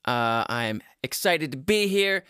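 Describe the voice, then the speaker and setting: Young guy hosting his podcast at home, bouncy pitch, talks slow, dry close mic. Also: expressive, pushed and bright, clean tone, no room sound. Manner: upbeat, self-mocking and loose. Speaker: podcast host. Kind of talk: casual podcast chat. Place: small home room. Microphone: studio mic.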